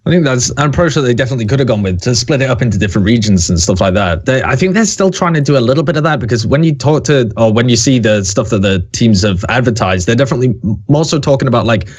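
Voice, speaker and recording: Fast-talking male commentator. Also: medium pitch. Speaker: podcast guest, commentator. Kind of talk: casual panel discussion.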